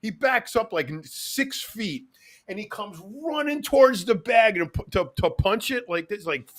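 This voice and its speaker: Male co-host, lively storyteller, fairly high pitch. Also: moderate pace. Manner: animated storyteller, repeats words. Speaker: podcast co-host. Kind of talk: casual chat, storytelling.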